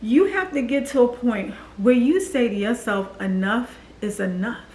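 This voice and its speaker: A woman in her forties, a vlogger, confides her own story to the camera with earnest warmth, performing quoted voices as she goes. Her voice is a little high and slightly mellow, her pace measured, and the recording is rough with a roomy sound.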